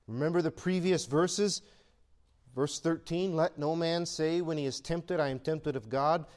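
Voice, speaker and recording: Man preaching a sermon, somewhat high voice. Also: a little slow, a little mellow. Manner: conversational preaching, rising to emphatic peaks. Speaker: pastor.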